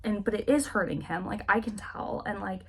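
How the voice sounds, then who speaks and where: Woman reading as a naive young heroine, flustered and earnest, a little husky, casual book-recap feel. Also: medium pitch, brisk. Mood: distressed. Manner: earnest, flustered, repeating herself.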